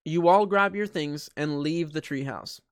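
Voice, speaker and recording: A man's voice: a little high, a little slow, clear, resonant tone, no room sound, clean studio sound. A young man reading a fan story aloud, breaking off for joking, sarcastic asides. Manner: joking, sarcastic asides and mock-dramatic voices. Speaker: YouTuber.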